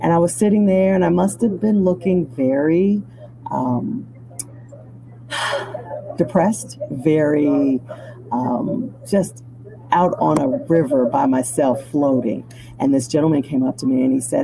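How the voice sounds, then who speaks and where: A middle-aged woman from Chicago, a news journalist, telling her story as a guest in a reflective conversational way that grows animated at the high points. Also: slow, creaky, noisy background.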